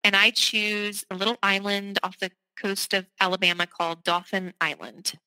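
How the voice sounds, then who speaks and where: A woman's voice: mid-range voice, little pitch movement, normal speed, bright, forceful tone, no echo, rough recording. Woman, middle-aged, podcast guest, candid storytelling, dry close sound. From American South. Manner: candid, urgent, vivid recounting. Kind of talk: personal storytelling.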